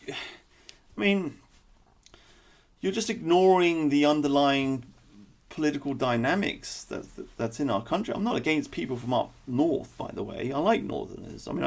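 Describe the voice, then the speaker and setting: A man's voice: mid-range voice, gravelly, a little mellow. A man delivering a blunt, opinionated political commentary monologue with sarcastic asides. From England.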